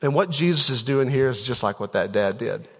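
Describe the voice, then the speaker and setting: A man's voice: medium pitch, animated, a little fast, husky. A man preaching a casual, conversational sermon as a pastor, telling a story with many fillers and restarts. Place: church auditorium. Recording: long church-hall reverb.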